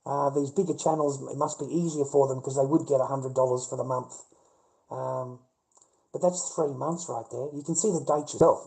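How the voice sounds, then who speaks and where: A man's voice: medium pitch, darkish tone, poor audio. A middle-aged Australian man talks straight to his livestream audience in a loose, casual way. He is blunt and swears constantly, ranting and arguing with viewers in the chat. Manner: profane, blunt, rants at viewers.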